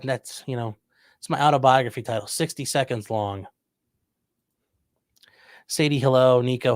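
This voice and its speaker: A man from Ohio, USA, with a medium-pitched voice casually reads his livestream chat aloud and fires back dry jokes. The clip has no echo.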